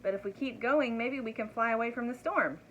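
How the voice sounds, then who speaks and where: A woman's voice: a little high, fairly quick, lo-fi sound, close to an everyday voice. A woman voicing a brave, practical little boy in a storybook reading, with an eager, exclaiming delivery. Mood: calm.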